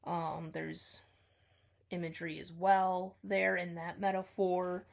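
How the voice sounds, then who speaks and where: A woman's voice: fairly low pitch, flat delivery, takes it slowly, creaky. A woman talking through her reading of a poem, tentative and full of ums, often hedging and correcting herself. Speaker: student explaining a poem. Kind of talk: casual spoken poetry analysis.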